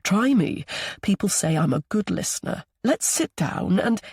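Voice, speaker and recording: A man voicing a kind, regretful older grandfather who speaks gently and politely. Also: high-pitched, lively intonation, unhurried, gravelly, slightly rough, dry recording, studio quality, full character voice. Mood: gentle.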